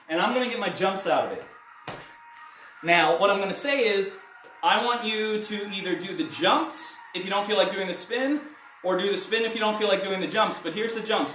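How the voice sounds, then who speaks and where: A man with a high, light voice coaches a stage combat class with upbeat energy, counting out reps as he demonstrates the moves. He is recorded in a roomy indoor training space, a little away from the mic. Faint music plays underneath. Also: a bit bright, recorded from a distance, a little hiss or hum. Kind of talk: live online movement class.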